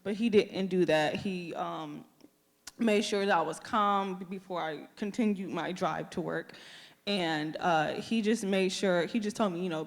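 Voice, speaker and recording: A young woman tells a personal story at a community listening session. She is lively and acts out her own reactions as she goes. Her voice carries a long reverb from a large school hall. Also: lowish voice, unhurried. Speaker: community member giving public comment.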